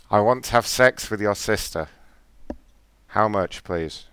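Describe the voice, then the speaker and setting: A man with a low, smooth, resonant voice makes prank calls in a deadpan, provocative way and laughs often. The recording is dry and close. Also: slow, no room sound. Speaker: podcast host making prank calls. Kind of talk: casual prank-call banter.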